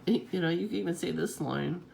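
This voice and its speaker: A vlogger rambles on in a loose, unscripted monologue, the voice deeply gravelly with constant fry. The delivery is profane and scattered, broken up by frequent chuckles, at a middling pitch. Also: a little fast, darkish tone, slight background noise.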